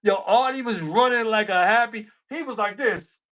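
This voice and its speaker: High-voiced New man, slangy. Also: moderate pace, sharp tone. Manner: slangy, laughs often, repeats himself. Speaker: co-host. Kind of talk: casual livestream chat.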